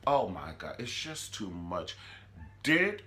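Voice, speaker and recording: A man hosting a comedic review vlog, with a flamboyant, sassy, animated and dramatic delivery. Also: lowish voice, slow. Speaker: show reviewer and host.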